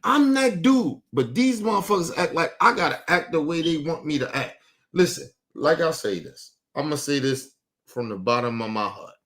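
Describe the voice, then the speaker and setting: Heated high-voiced man ranting. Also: animated, moderate pace. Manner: profane, heated, swings from low and quiet to loud outbursts. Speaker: streamer. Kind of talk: emotional live-stream rant.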